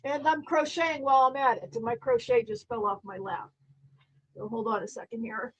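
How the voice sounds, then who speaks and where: A woman's voice: sits high, sing-song, normal speed, a bit bright, breathy edge, poor audio. A middle-aged woman streaming live, chatting casually in a dry, sarcastic, rambling way with frequent restarts.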